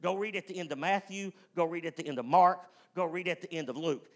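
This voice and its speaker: A man preaching a fervent, emphatic sermon, swinging from loud whoops to hushed tones. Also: high voice, fast talker, hardly any pauses. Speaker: pastor.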